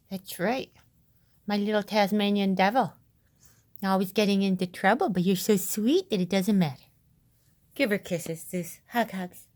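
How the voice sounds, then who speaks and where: A woman's voice: medium pitch, measured pace, long pauses, a little mellow. A woman filming her dogs at home on a handheld phone, cooing sing-song baby talk at them and scolding them playfully. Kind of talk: casual talk to pets while filming. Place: home, indoors. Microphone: handheld phone camera she is filming with.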